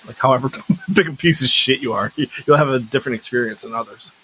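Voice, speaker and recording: A man's voice: mid-range voice, fast talker, a bit bright, slight background noise, poor audio. A man co-hosting a podcast, chatting casually about a movie and chiming in with asides and hypothetical questions. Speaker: podcast co-host.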